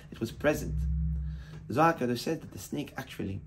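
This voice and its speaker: A man's voice: mid-range voice, animated, a little fast, vocal fry, a little hiss or hum. A man giving a sermon as a rabbi, impassioned and emphatic, weaving Hebrew terms into his teaching.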